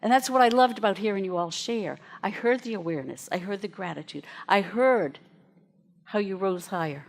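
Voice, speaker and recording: A woman minister giving a sermon to her congregation. She tells stories in a chatty, lively way and laughs as she goes. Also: mid-range voice, normal speed.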